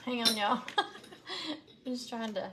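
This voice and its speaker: A woman's voice: a little high, flat delivery, a little slow, heavy background noise. A woman chatting casually to viewers while she works on a craft project live from home. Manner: chatty, talks while working with hands, addresses viewers as y'all. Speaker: craft live-stream presenter.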